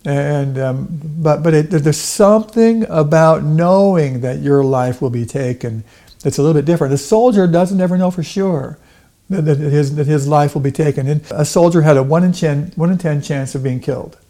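A middle-aged man talking casually in an interview, halting and repeating words with many fillers. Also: fairly high pitch, dark tone. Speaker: guest, Lincoln portrayer.

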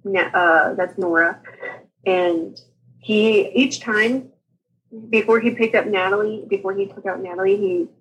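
A woman in her thirties, a guest on a talk show, telling her story in a casual, animated way, laughing often and acting out what people said. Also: mid-range voice, unhurried, slightly rough, poor audio. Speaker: podcast guest sharing her birth story.

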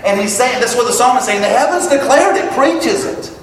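A man preaching a sermon to his congregation, emphatic and building to loud exclamations. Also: very high-pitched, lively intonation, fairly quick, recorded from a distance, a little hiss or hum. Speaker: pastor. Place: church sanctuary. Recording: echoey hall, picked up from afar.

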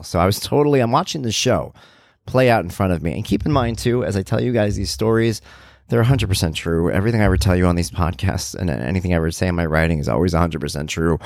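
A middle-aged man hosts a podcast, telling a loose story with self-deprecating jokes. His voice sits low. The sound is dry and close on the mic, with no room around it. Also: quick pace, creaky, darkish tone, no room sound. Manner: rambling, self-deprecating humor. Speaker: podcast host. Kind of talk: casual storytelling monologue.

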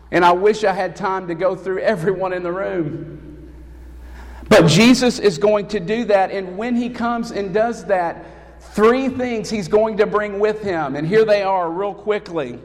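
A man's voice: high voice, unhurried. Man preaching in an echoing hall. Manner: emphatic preaching, raising his voice on calls. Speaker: pastor. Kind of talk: sermon. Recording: long hall reverb.

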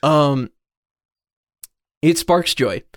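An excitable podcast co-host who swears freely and breaks into laughter as he talks. His voice sits a bit high for a man and sounds dry and close, with almost no room around it. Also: drawn-out words, no room sound. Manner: profane, excitable, laughs often. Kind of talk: casual chat.

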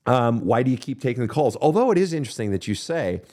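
A man's voice: mid-range voice, big pitch swings, quick pace, a little mellow. Blunt, profane male counselor. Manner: blunt and profane, talking straight to the listener. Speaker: counselor and show host. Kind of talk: answering listener questions on a podcast.

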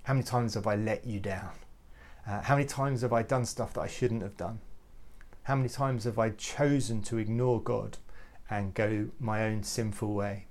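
A man giving an earnest, reflective devotional talk to youth leaders, often halting and repeating words as he goes. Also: on the low side, fairly even intonation, a little mellow. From United Kingdom. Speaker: youth ministry speaker.

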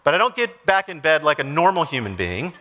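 Animated, bright-voiced male pastor preaching. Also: on the high side, brisk. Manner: conversational and animated, with casual asides. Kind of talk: sermon.

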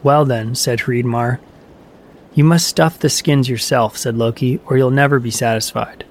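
A man reading a myth aloud as a storyteller, measured and even, lowering his voice slightly for the characters' quoted lines. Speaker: narrator. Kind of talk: storybook narration of myths.

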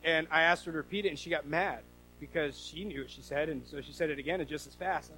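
Male preacher from the Northwest, higher-pitched, lively sermon delivery with acted-out quotes. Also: quick pace, a little hiss or hum, rough recording. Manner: animated storytelling with quoted voices. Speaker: pastor.

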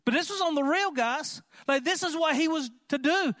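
A man preaching a sermon in an animated, conversational way, often asking the congregation questions. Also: very high-pitched, normal speed, no room sound, studio quality. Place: church.

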